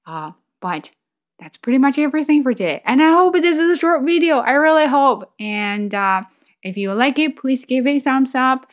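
A woman's voice: sits high, animated, normal speed. Chatty woman imitating animal sounds. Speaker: vlogger. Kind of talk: casual chat about language and culture.

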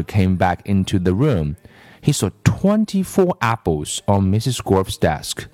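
A man's voice: lowish voice, a little mellow, no echo. A man reading a children's story aloud, in a storyteller's reading manner.

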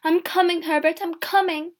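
A woman's voice: extremely high pitch, fairly even intonation, moderate pace, pitched above the performer's own voice. A woman voicing a frantic old mother who cries out and pleads for her dead son. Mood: desperate, pleading. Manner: crying out, pleading.

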